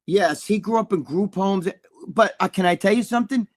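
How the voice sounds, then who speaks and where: A man with a high voice, speaking at normal speed, tells stories as an interview guest. His casual storytelling is loose, profane and rambling, with lots of restarts.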